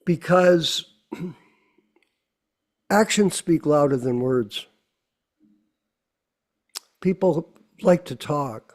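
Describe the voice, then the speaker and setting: A man's voice: fairly high pitch, drawn-out words, pauses often, darkish tone. A man hosting a devotional scripture class, preaching with scolding rhetorical questions.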